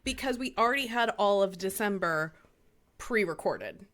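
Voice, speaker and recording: A woman's voice: mid-range voice, animated, moderate pace, a bit bright. Enthusiastic woman podcast co-host. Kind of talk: casual podcast chat.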